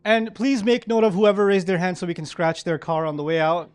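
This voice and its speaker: A man giving a sermon-style lecture to a live audience, animated and often checking in with listeners. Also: sits high, a little fast, clear, resonant tone, faint music behind. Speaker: Islamic speaker.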